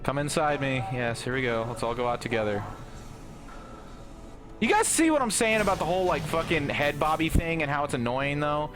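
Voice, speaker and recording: A man's voice: on the high side, sing-song, a little fast, over music. A young man livestreaming a game, talking casually with lots of swearing and ranting. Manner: profane, ranting, bursts into shouting. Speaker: gaming livestreamer.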